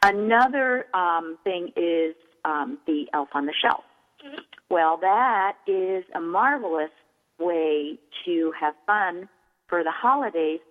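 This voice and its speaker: A middle-aged woman, a toy store owner and guest on a radio show, explaining things in an animated way and acting out examples. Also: on the low side, slow. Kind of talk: radio interview. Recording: tinny phone line with long reverb.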